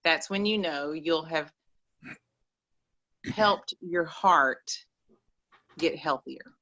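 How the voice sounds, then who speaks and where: A woman's voice: sits low, extremely slow, sharp tone. A woman co-hosting a spiritual talk show, coaching in an earnest, emphatic way. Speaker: co-host, life coach.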